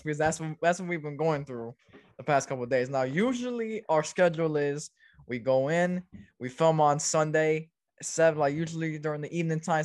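A young man co-hosting a casual sports podcast, stammering and repeating words, swearing freely. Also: a little high. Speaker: podcast co-host.

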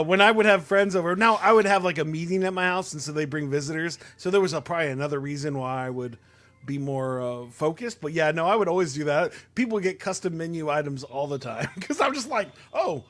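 A young adult man telling stories in a casual, animated chat, full of fillers. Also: on the high side, quick pace. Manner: animated, storytelling, many "like" fillers.

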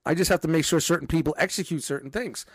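A man's voice: fairly high pitch, fast talker, breathy edge. A man managing a store department, chatting casually and telling profane stories with acted-out quotes. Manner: profane, storytelling, acts out quotes. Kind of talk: casual chat.

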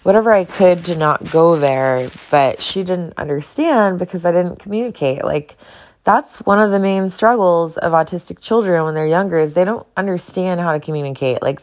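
Low-voiced woman vlogging solo, blunt, says it straight, lots of swearing. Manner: blunt, outspoken, swears freely. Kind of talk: casual personal monologue to camera.

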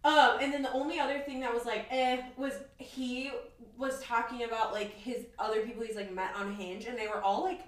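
A woman's voice: fairly high pitch, steady tone, brisk, echoey room, far from the mic, poor audio. A young woman co-hosting a podcast, telling a date story in casual chat and acting out both sides of the conversation. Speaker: podcast co-host.

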